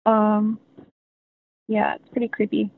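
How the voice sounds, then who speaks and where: A woman's voice: mid-range voice, monotone, takes it slowly, creaky, dry recording. A young woman telling her story as a guest, rambling with many fillers. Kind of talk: casual storytelling. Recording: tinny dry phone line.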